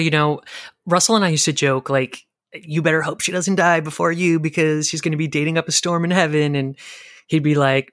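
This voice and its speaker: A man's voice: fairly high pitch, gravelly, fairly bright tone, dry recording, clean studio sound. An actor playing a grieving man's brother who rambles awkwardly and gets defensive.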